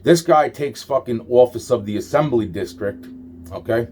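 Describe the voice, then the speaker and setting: A man's voice: mid-range voice, expressive, moderate pace, darkish tone, a little hiss or hum. A man in a rambling monologue, swearing constantly and trailing off with exasperated sighs. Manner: trails off with repeated sighs of "wow".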